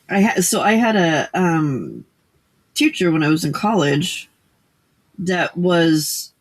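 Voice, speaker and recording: An older woman hosting a casual late-night crafting livestream, rambling with many fillers and restarts. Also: low voice.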